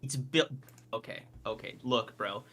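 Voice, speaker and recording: Man, podcast co-host, casual banter, playfully defensive, bright voice. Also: medium pitch, measured pace. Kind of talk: casual chat.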